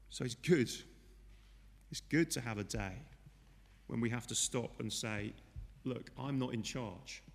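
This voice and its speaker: A man's voice: medium pitch, gravelly, big-room sound. A man preaching a sermon in a conversational way, often asking his listeners rhetorical questions. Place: church.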